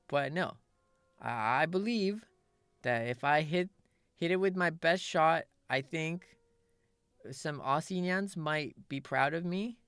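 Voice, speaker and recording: A woman's voice: sits low, a bit bright, clear, resonant tone, no echo. A woman streamer in casual, rambling chat while gaming, laughing at herself often.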